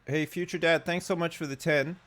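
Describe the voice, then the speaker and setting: A man's voice: fairly high pitch, steady tone, a little fast, fairly bright tone. A man live-streaming a game, chatting casually in a joking, rambling way.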